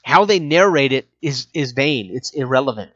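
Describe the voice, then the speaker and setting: A man hosting a casual talk about game design, animated and profane, acting out scenes from the gaming table in quick asides. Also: mid-range voice. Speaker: game designer and podcast host. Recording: dull lo-fi recording.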